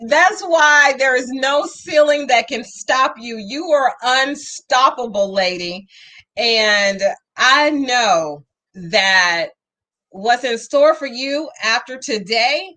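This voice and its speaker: A talk show host with a bright, forceful voice. She gushes with emphatic praise and lays on the compliments, leaning into each one. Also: a little high, animated, slow. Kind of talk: effusive interview chat.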